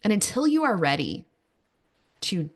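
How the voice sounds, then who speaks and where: A woman's voice: mid-range voice, sing-song, unhurried, slightly rough. A woman in her thirties hosting a podcast, telling personal stories candidly with self-mocking asides. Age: 30s. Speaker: podcast host. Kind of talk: personal monologue.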